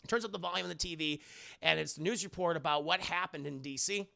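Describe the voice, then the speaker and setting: A young man walks his stream through a film scene by scene, animated and swearing freely. His voice sits fairly high with a heavy gravelly fry and a bright, sharp edge, and he keeps slipping into squeaky voices for the characters. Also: fast talker. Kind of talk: casual recap with put-on character voices.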